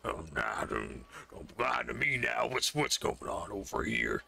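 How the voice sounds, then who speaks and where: A man voicing a huge, gruff male bartender who talks slowly and menacingly in a tabletop game. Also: medium pitch, wildly swooping pitch, pushed and bright, full character voice.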